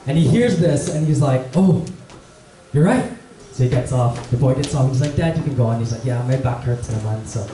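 Casting young male preacher, chatty and loose with fillers, mellow voice, recorded from across an echoey church hall. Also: mid-range voice, quick pace, few pauses, recorded from a distance. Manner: relaxed, chatty, many fillers and "like". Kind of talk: casual church message with storytelling. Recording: echoey church hall, faint room noise.

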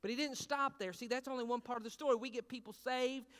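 A man preaching a sermon as pastor. He swings between hushed, intimate talk and loud, fervent preaching, and calls out questions to the congregation. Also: very high-pitched, fairly even intonation, quick pace, clean tone. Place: church sanctuary. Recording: long reverb of a large hall.

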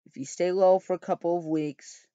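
A man reading out a cold, businesslike male hitman in a flat voice, on a dry, slightly dull recording. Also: high-pitched, normal speed, smooth, no room sound, natural voice. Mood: matter-of-fact.

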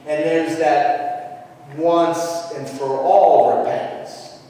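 A man preaching a sermon as pastor, emphatic and dramatic, with sudden loud outbursts. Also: a little high, steady tone, very slow. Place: church sanctuary. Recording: echoey church hall from far off.

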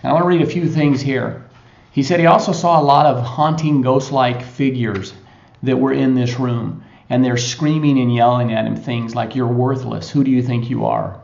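A man hosting a motivational podcast, retelling a story in a conversational way with frequent pauses. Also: medium pitch, fairly even intonation, vocal fry, darkish tone. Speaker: podcast host. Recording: echoey lo-fi recording.

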